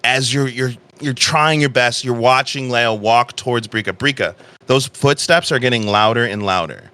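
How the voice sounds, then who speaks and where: A man narrating as game master of a tabletop game, slow and dramatic in description with casual asides. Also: mid-range voice, sharp tone.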